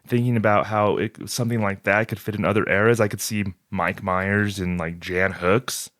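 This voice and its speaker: A male podcast host talks in a loose, agreeable way and restarts his sentences often. His voice sits a little low. The recording is close and dry. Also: fairly even intonation, normal speed, fairly bright tone, no echo. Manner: chatty, agreeable, with many restarts. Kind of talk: casual podcast chat.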